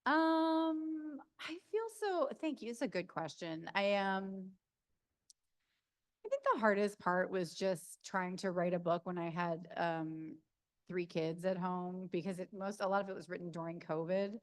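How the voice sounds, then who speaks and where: This middle-aged woman speaks a little slowly in a voice on the low side, her South Jersey accent coming through as she casually tells stories. Answering audience questions at a reading in a university event room, she laughs a lot and leans on fillers. The casual Q&A was recorded via Zoom from the room.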